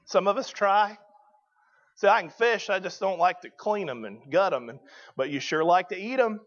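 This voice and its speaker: A man's voice: sits high, animated, normal speed, muffled recording. A man preaching a sermon, emphatic and questioning the congregation.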